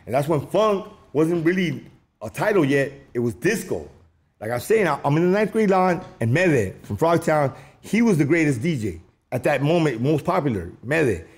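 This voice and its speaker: A man's voice: on the high side, moderate pace. A man from the Los Angeles area telling a story in casual, slangy speech, acting out the voices of the people in it. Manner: animated, slangy, acts out quoted voices.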